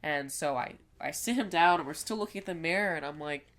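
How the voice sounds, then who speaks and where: In a brisk, low voice with a touch of brightness, a young woman co-hosting a podcast tells a chatty story. Fillers are frequent, and she swears now and then in this casual talk.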